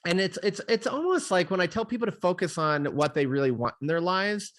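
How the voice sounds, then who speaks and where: Middle-aged man, host, chatty storyteller, fairly high voice. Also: animated, fairly quick, a bit bright. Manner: rambling, storytelling with many fillers and restarts. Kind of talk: casual interview chat.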